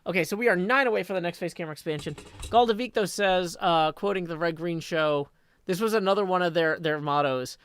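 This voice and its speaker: A man's voice: high voice, fairly quick, fairly bright tone, smooth. Tired man chatting on a live stream. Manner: rambling, self-correcting, thinks aloud. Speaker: Minecraft streamer. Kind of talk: casual live-stream chat.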